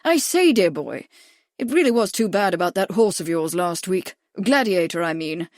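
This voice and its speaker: A woman voicing a genial, cautious gentleman adviser who speaks amiably and deferentially, in an audiobook. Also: on the low side, animated, normal speed, dry recording, clean studio sound, natural voice. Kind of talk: audiobook character voice.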